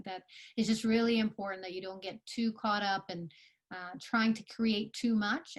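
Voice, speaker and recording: A woman with a fairly high voice gives a live online workshop to business founders. She talks in an earnest, coaching way, full of "you know" and quick restarts. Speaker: conference speaker.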